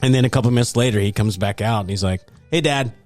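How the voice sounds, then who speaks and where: A man's voice: on the low side, very fast, faint music behind. A man hosting a casual podcast chat, telling stories with frequent laughter. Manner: animated storyteller who laughs often. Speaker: podcast host.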